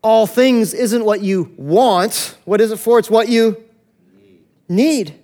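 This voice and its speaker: A male pastor preaching a sermon to his congregation. He acts out voices in the quoted dialogue and moves between loud, urgent lines and hushed ones. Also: high-pitched, slow.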